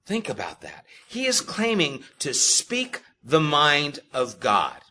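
A man preaching a sermon, addressing the congregation directly with emphatic, expressive delivery and sharp swings in loudness. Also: on the high side, takes it slowly, slight background noise. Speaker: pastor.

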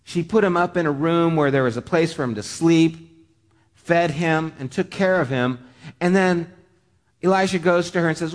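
A man preaching a sermon, telling a story with lively shifts, often dropping to a hushed voice. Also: fairly high pitch, normal speed. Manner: animated storytelling, dropping to a hush. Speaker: pastor. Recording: long hall reverb.

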